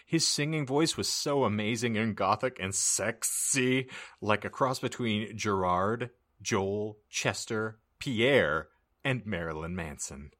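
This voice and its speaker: A man's voice: on the low side, takes it slowly, fairly bright tone. A man co-hosting a comedy podcast, ranting sarcastically and reading a story aloud with theatrical flair. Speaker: podcast co-host.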